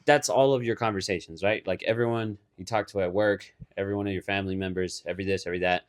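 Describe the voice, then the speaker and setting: Speaking fast in a low, steady voice, a young podcast co-host spins a long, casual story, swearing freely and laughing often.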